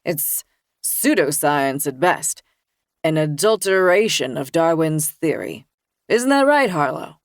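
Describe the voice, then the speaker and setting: A woman voicing a loud, drunk older father-in-law with a mocking, boozy manner. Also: sits low, lively intonation, slow, dry recording, studio quality, full character voice.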